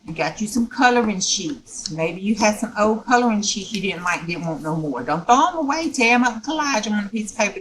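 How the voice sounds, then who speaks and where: A woman's voice: medium pitch, a bit bright, low-quality recording. A woman talks through a craft project step by step. She is folksy and rambling and keeps checking in with the viewer. The close recording has a faint hum of background noise. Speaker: craft tutorial host.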